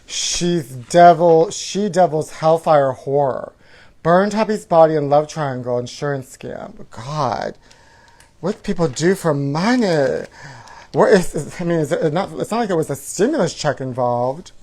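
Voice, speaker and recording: A man's voice: on the high side, animated, unhurried, a little mellow. A man hosts a comedy show and reads out tabloid stories. He is catty and sassy and keeps calling his listener honey between gasps of mock outrage. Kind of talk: campy comedic reading of tabloid headlines.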